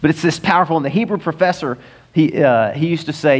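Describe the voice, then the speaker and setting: A man preaching a sermon, telling stories with animated, emphatic delivery. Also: fairly high pitch, quick pace. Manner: animated storytelling preacher, rising to emphatic peaks. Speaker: pastor.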